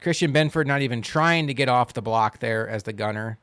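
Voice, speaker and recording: A man giving casual commentary while playing a football video game, wry and quick to complain, then cheering loudly on big plays. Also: mid-range voice, smooth, no room sound. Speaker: gaming channel host.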